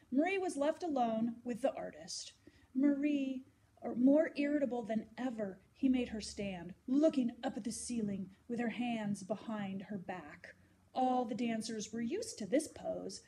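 A woman reading a children's story aloud, gentle and expressive. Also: on the high side, a little hiss or hum.

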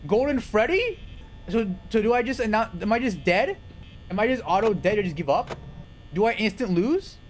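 A young man commentates his stream with a high, bouncing voice that leaps up and drops low again. He talks excitably, yelps and swears when startled, and whoops when things go his way. A faint noise floor sits behind him. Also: normal speed. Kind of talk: live gameplay commentary.

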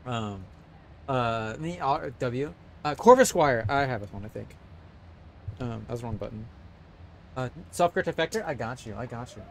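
A man's voice: medium pitch, animated, moderate pace, creaky, a little hiss or hum. A young man casually commentating a video game stream, rambling and swearing often.

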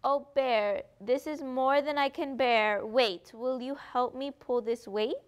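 A woman's voice: high-pitched, slow pace, smooth. A woman voicing a fussy, pleading monkey in a read-aloud picture book.

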